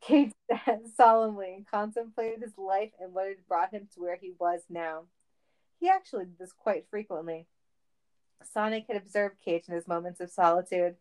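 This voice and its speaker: A woman's voice: mid-range voice, steady tone, moderate pace, a little mellow, rough recording. A woman reading a comic story aloud in a playful manner. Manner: playful, laughing.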